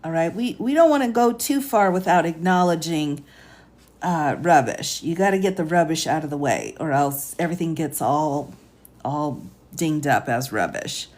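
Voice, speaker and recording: A woman's voice: low-pitched, animated, moderate pace, a little mellow. A woman attorney reading a court filing aloud on a live stream. She stops again and again to sigh, reread lines and ask "what?" in disbelief. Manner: incredulous, interrupts her reading with sighs and "what?"; breaks long sentences apart and rereads them aloud.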